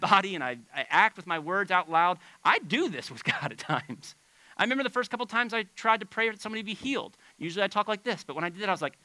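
A man preaching a sermon on a church stage, talking in a loose, conversational way with big swings between quiet and loud. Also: high-pitched, no room sound, poor audio. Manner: animated, conversational preaching with dramatic swings in volume. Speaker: pastor. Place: church stage under bright lights.

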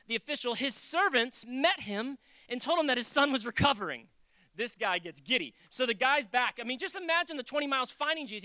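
A preacher giving a casual, animated sermon, jumping into acted quotes and joking with the congregation. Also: high-pitched, no room sound. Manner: animated, acts out quotes, jokes. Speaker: pastor. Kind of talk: conversational sermon.

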